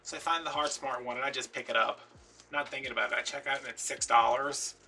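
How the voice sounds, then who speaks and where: Young man, craft host, rambling storyteller, bright gravelly voice. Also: fairly even intonation, quick pace, distant mic, faint music behind. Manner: chatty, rambling, acts out quoted voices in a higher pitch. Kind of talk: casual storytelling while crafting.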